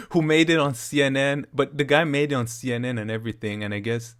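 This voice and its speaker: A man co-hosting a relaxed discussion of the news. He rambles in a loose, chatty way, leaning on "like" and "I mean" and laughing quickly between points. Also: mid-range voice, smooth. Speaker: co-host of a news discussion show. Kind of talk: casual political chat.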